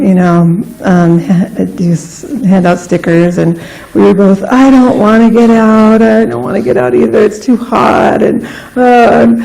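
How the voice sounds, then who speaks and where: A woman's voice: medium pitch, vocal fry, poor audio. A middle-aged woman giving a personal eulogy at a memorial, telling old stories with laughter that turns tender and tearful. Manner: laughing, animated storytelling that turns tearful and soft. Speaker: memorial speaker.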